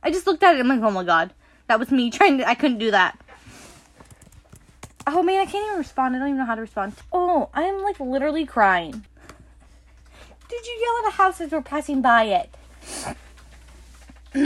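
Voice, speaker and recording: Giggly high-voiced woman, lively pitch. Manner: laughs helplessly, giggly and breathless. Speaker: podcast co-host. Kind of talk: casual chat.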